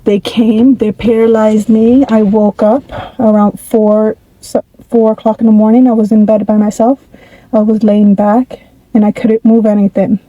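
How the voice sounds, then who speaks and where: Woman storyteller from the US, animated and repetitive, very dark mellow tone, dry close sound. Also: mid-range voice, moderate pace, dry recording, dull audio. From United States. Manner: animated, repetitive, restarts words. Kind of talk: casual storytelling to camera.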